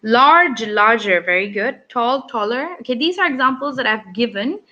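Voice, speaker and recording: A woman's voice: on the high side, lively intonation, moderate pace, sharp tone, muffled recording. A woman with a Malaysian English accent teaching an online English lesson for children, upbeat and encouraging as she reads out comments.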